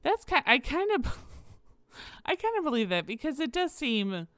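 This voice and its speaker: A woman's voice: high voice, sing-song, unhurried, a bit bright, no room sound. A woman hosting a podcast on her own, rambling casually with laughs and frequent fillers. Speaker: podcast host. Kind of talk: casual solo commentary.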